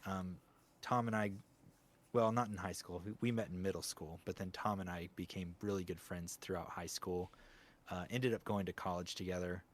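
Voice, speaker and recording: A man's voice: sits low, steady tone, normal speed. A man, a voice actor, talking reflectively in a casual interview, rambling with lots of fillers. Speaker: guest voice actor.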